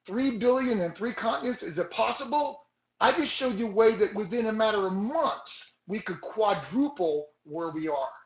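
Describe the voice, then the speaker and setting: A high-pitched man rallies his sales team with a spirited motivational speech full of rhetorical questions. The audio is poor and the room sounds echoey.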